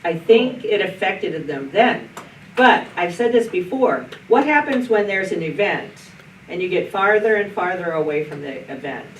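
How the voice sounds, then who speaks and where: A middle-aged woman pastor leads a Bible study, telling a homespun story with restarts and asides. Her voice sits a little low. She is picked up from a distance in an echoey room with faint background noise. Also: animated, normal speed. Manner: folksy, anecdotal, with restarts. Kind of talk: storytelling in a group discussion. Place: church meeting room.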